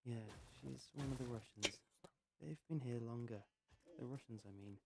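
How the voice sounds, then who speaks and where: A man's voice: medium pitch, normal speed, vocal fry, very noisy, close to an everyday voice. A man voicing a young woman soldier who chattily explains things in a matter-of-fact way. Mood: explaining.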